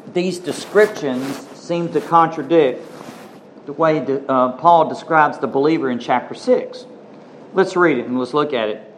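Man, high-pitched voice, sermon delivery, emphatic, addresses the congregation directly. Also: slight background noise. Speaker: pastor. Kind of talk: sermon with scripture reading.

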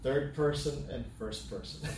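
A man's voice: medium pitch, slow, a little mellow, slight background noise. A man preaching a sermon, reading scripture aloud and repeating key phrases for emphasis. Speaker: pastor. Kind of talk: sermon, Bible teaching. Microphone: camera from a distance. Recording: echoey hall, voice from a distance.

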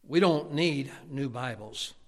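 A man preaching a sermon as pastor, emphatic, his loudness rising and falling. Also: mid-range voice, slow pace. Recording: long hall reverb.

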